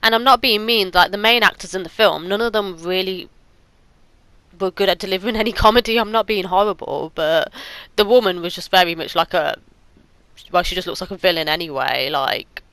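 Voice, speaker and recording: A woman's voice: fairly low pitch, a little fast, fairly bright tone, no room sound, poor audio. A woman giving a casual, rambling spoken movie review, often stopping to search for words.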